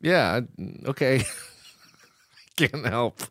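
A male podcast co-host riffs sarcastically with absurd jokes in casual comedic conversation. His voice is medium-pitched and fairly bright, animated yet extremely slow.

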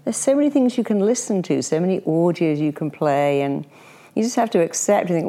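A woman guest who coaches clients, chatting and telling anecdotes in an animated way, acting out the voices of the people she quotes. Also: lowish voice, brisk. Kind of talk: conversational podcast storytelling.

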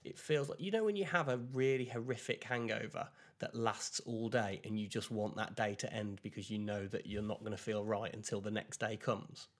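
A man's voice: lowish voice, moderate pace, hardly any pauses. A man, chatting casually as a podcast co-host, rambling with fillers and laughing at his own stories while getting over a flu. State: recovering from flu. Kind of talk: casual chat.

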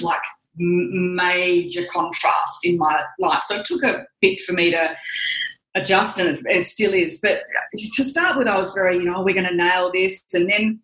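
A woman's voice: lowish voice, fairly bright tone. A middle-aged woman with an Australian accent, talking candidly and at length as a guest in a casual interview, with many fillers. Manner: candid, rambling, self-mocking, many fillers. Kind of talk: casual emotional interview chat. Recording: roomy echo.

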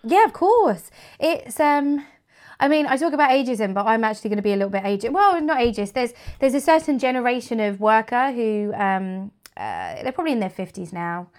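A woman's voice: fairly high pitch, lively intonation, brisk. A woman speaking as an interview guest about her work in marketing, frank and opinionated, with many fillers. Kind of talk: casual interview talk.

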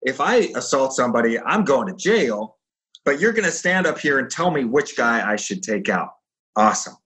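Middle-aged ex-fighter guest, bright edge to the voice, animated storyteller doing quoted voices. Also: male voice, medium pitch, normal speed. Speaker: guest, former pro fighter. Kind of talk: casual storytelling.

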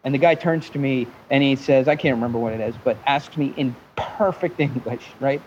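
A man guest telling an animated, joking business story with some profanity, now and then slipping into mimicked accents. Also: mid-range voice, brisk, hardly any pauses, lo-fi sound, slight background noise. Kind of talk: animated storytelling in a podcast interview.

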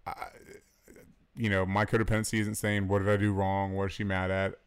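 A man co-hosting a casual chat with his partner, talking in a relaxed way and acting out quoted lines. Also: sits low, a little fast, clear, resonant tone.

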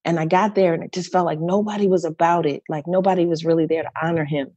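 Mellow, emotional woman recounting a story. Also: on the low side, fairly even intonation, fast talker, slightly rough, dry recording, muffled recording. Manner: emotional, repeats and restarts phrases. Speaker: guest performer. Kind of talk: candid interview storytelling.

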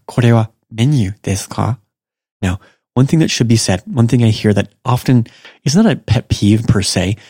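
Husky low-voiced man teaching a language. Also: no echo, clean studio sound. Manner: relaxed, explanatory, talks through examples. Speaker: language teacher and podcast host. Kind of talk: casual podcast lesson.

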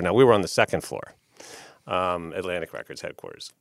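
Fast, profane storyteller man, dry close mic, keeps asking "right?". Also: low voice, gravelly, no echo. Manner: profane, tags lines with "right?". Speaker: record label executive, interview guest. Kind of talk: animated storytelling in casual interview.

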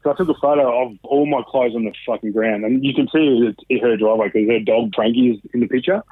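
A man's voice: medium pitch, quick pace, no echo. Australian man, swearing, tinny phone line. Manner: candid, swears freely, animated retelling. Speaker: guest. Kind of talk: casual interview storytelling.

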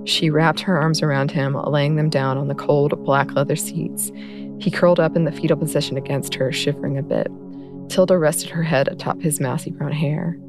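Female narrator, deep for a woman, calm measured storytelling over background music. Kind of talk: scripted audiobook narration.

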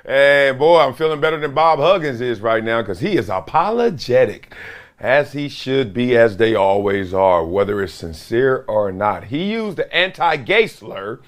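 A man in his forties hosting a solo sports talk show, telling stories with playful impressions and laughs. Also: mid-range voice. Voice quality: voice gets strained easily. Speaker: host. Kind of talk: animated solo sports commentary.

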